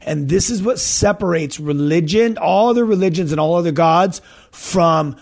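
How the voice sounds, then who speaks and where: Emphatic man, higher voice. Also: normal speed, darkish tone. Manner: emphatic, uses surfer slang. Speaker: podcast host. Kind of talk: casual faith chat.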